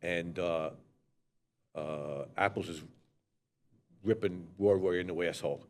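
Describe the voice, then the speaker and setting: A low-voiced older man with a New York accent tells his stories bluntly, swearing freely and circling back over his words. There is a faint hum under the recording. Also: a little slow. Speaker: co-host telling stories. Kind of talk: casual storytelling conversation.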